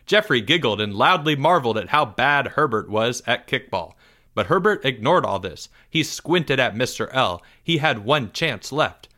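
A man reads a children's story aloud with an expressive delivery at normal speed, his tone bright and forward. He drops his voice softer to build suspense.

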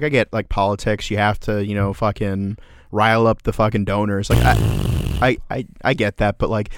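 A podcast co-host man talks in a low, smooth voice, cursing freely and filling gaps with "like" and "you know." His delivery is earnest and casual, recorded dry and close with no room sound. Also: dry recording. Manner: profane, earnest, filler-heavy. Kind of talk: casual ranting chat.

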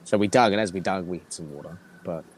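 An Australian man telling a rambling, animated campfire-style story, swearing freely and laughing between lines. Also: sits low, fast, slight background noise. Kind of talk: casual storytelling.

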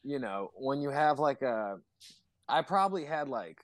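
A man's voice: medium pitch, very animated, a little slow, no echo. A man talking in casual podcast chat as a guest musician, rambling with lots of swearing and fillers.

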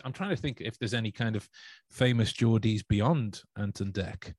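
A man's voice: fairly low pitch, normal speed, no echo. A man, co-hosting a podcast in rambling, chatty conversation full of restarts. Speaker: podcast co-host. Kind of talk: casual podcast chat.

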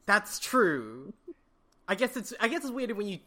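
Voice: mid-range voice, big pitch swings, normal speed, pushed and bright. A podcast co-host from China, chatting casually and rambling through musings with mock-grand asides. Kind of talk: casual book-club chat.

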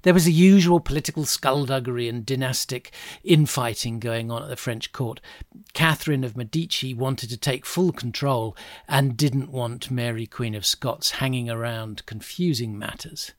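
A man's voice: mid-range voice, normal speed, no echo, studio quality. A middle-aged man telling history in a casual, chatty way, with wry asides. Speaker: podcast host.

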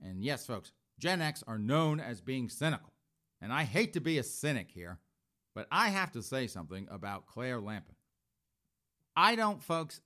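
A man's voice: mid-range voice, bright, forceful tone. A man in his fifties giving sarcastic, opinionated news commentary, often addressing his audience as folks. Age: 50s. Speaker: political commentator.

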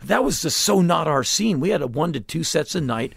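An animated, fairly quick man in his fifties, a musician guest in a casual garage-studio interview, tells his stories bluntly and intensely, restarting often. His voice sits on the high side and sounds creaky and husky. The recording is dry and clean, studio-grade.

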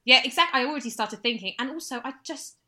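A woman's voice: high voice, fast talker, pushed and bright. A woman in her thirties co-hosting a casual chat, wry and self-deprecating. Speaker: podcast co-host.

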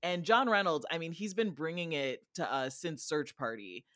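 Midwestern woman comedian, animated and jokey. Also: deep voice, normal speed, dry recording, clean studio sound. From American Midwest. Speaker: guest comedian. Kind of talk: casual podcast chat.

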